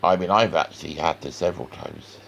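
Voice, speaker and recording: Gravelly low voiced west country bloke rambling on while he draws cartoons, chatty and homely. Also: fairly quick, a bit bright, dull audio, slight background noise. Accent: West Country English. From West Country of England. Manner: rambling, folksy, talks straight to the viewer. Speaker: cartoon artist. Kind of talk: chatty drawing tutorial.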